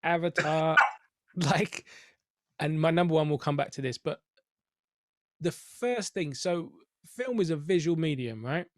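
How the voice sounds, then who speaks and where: A man's voice: on the high side, measured pace, pauses often, dry recording. Amused man, dry close sound. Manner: amused, animated storyteller. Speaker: podcast co-host. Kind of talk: casual chat.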